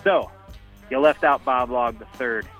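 A man's voice: medium pitch, measured pace, loud music behind the voice, low-quality recording. A man from Chicago leaving a voicemail as a caller, full of filler uhs but enthusiastic. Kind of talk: listener voicemail.

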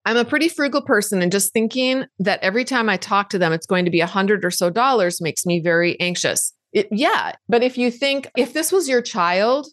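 A woman's voice: mid-range voice, a little fast, hardly any pauses, a bit bright, dry recording, studio quality. A middle-aged woman hosting a podcast, answering listener questions in a direct, conversational advice style with emphatic repetition. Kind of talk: live Q&A advice talk.

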